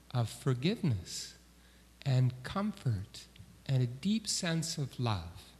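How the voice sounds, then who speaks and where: A man giving a children's message in church, telling gentle stories and asking the children questions. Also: mid-range voice, sing-song, slow pace. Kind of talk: children's sermon storytelling. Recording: long hall reverb.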